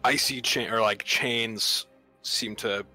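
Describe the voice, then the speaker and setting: A man's voice: lowish voice, fairly even intonation, slow pace, pushed and bright, faint music behind. A man playing a tabletop game over a voice call, eager and chatty, often asking rule questions. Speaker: player.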